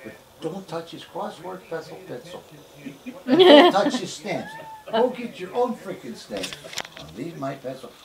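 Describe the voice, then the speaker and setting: Older man, high-pitched, profane storyteller. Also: wildly swooping pitch, measured pace. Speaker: uncle telling family stories. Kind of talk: casual family chat. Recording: echoey room.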